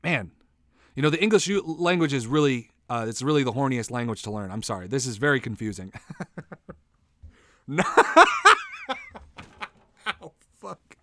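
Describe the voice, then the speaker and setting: A man's voice: medium pitch, brisk, pauses often, dry recording. Rambling, self-mocking man with dry sound. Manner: loose, self-mocking, laughs at own jokes. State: says he is high. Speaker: solo show host. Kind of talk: rambling comic monologue.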